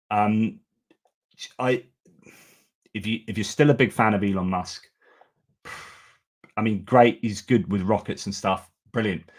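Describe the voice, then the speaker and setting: Chatty man hosting a stream. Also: fairly low pitch. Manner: chatty and opinionated, with frequent fillers and restarts. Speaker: host of a news live stream. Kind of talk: casual live-stream commentary.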